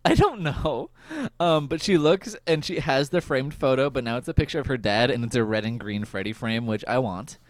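A young man hosting a podcast, recapping an episode in casual chat, laughing often and filling pauses with "um" and "like". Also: medium pitch, dry recording. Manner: laughs often, goofy and animated, lots of fillers. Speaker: podcast host.

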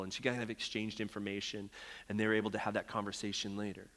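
A man's voice: fairly low pitch, flat delivery, fast talker, a bit bright, big-room sound. A man preaching a sermon in a casual, storytelling way, with frequent fillers and restarts. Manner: conversational, storytelling, many fillers.

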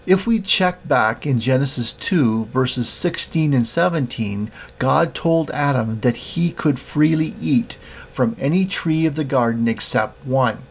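A man preaching a sermon, reading scripture aloud in a measured way. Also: mid-range voice, husky. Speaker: pastor.

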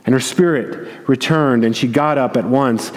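Man preaching with a lively storytelling manner. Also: mid-range voice, moderate pace. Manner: vivid retelling with repeated words and acted-out quotes. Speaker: pastor. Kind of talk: sermon storytelling. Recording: long reverb of a large hall.

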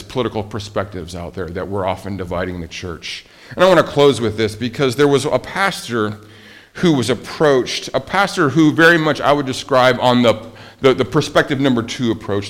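A man preaching a sermon as pastor. He talks to the congregation conversationally, asks rhetorical questions and drops to a soft, low voice for emphasis.

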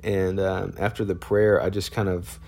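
A man telling a personal story in a casual, halting way, with many fillers and restarts. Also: sits low, flat delivery, gravelly, darkish tone.

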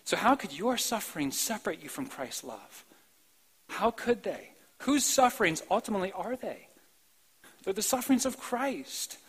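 Man, high voice, pastor, emphatic sermon, soft slow passages and loud outbursts, church. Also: animated, breathy edge, low-quality recording. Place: church sanctuary, live-streamed.

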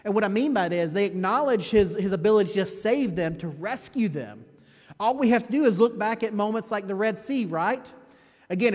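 Male pastor, fairly high voice, emphatic sermon, long hall reverb. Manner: emphatic preaching, repeats phrases, rhetorical "you see".

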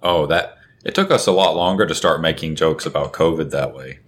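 A man's voice: a bass voice, brisk, a bit bright, a little hiss or hum. A man co-hosting a podcast in casual chat, asking probing questions with a wry, sardonic edge. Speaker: podcast co-host.

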